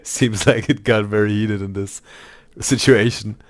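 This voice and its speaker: A man hosting a reaction show, giving casual, halting commentary and repeating words. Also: on the low side, fairly even intonation, dry recording, clean studio sound. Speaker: reaction host.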